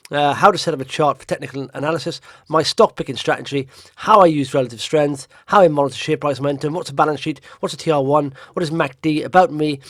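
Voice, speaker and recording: Male investing vlogger, tired and rambling, slightly higher voice, dry close recording. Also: dry recording. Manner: chatty, rambling, blunt opinions. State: tired after a long drive. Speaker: stock-picking video host. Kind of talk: casual market commentary over charts.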